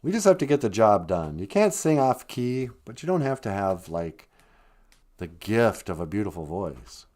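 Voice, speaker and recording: A man's voice: fairly low pitch, very animated, moderate pace, darkish tone. A man hosting a casual comedic chat, rambling and joking with strong opinions. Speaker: podcast host.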